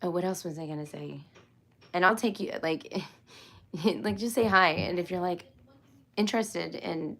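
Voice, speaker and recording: A woman's voice: fairly low pitch, a little slow, gravelly, long pauses, fairly bright tone. A middle-aged woman hosting a casual livestream for homeschool viewers, tired and a bit loopy, rambling, giggling and apologizing as she talks. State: tired and loopy after a long workday.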